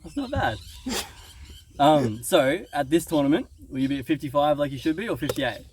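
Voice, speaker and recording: A man's voice: on the high side, sing-song, moderate pace, darkish tone, a little hiss or hum. Easygoing Australian man interviewing outdoors. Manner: joking, easygoing, frequent ums. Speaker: interviewer and waterski coach. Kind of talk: casual interview. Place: outdoors by a lake on a sunny day. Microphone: video camera on site.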